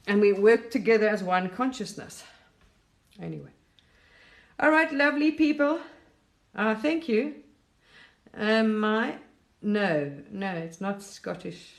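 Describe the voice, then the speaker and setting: A woman's voice: medium pitch, unhurried, vocal fry, roomy sound. A middle-aged woman from England, chatting casually and reflectively on a live stream, rambling and laughing often.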